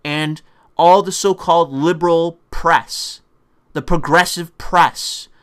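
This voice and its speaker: This man has a fairly high, clean-toned voice with fairly even intonation, and he speaks slowly. Even so, his political rant is angry, profane, combative and sarcastic, with mocking put-on voices for his opponents' words.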